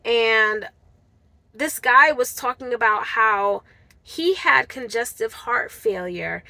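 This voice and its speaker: Earnest bright-voiced woman telling a story. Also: a little high, animated, slow pace, gravelly, dry recording. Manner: earnest, heartfelt, addresses viewers as guys. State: tearful at times. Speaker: vlogger. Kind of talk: personal story to camera.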